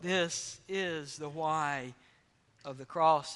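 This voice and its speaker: A male pastor delivers a sermon in a high, bright voice. He preaches emphatically and often drops to a hush for stress. His words ring out in a large hall with a long reverb. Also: a little slow. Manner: emphatic preaching, dropping to hushed tones for stress.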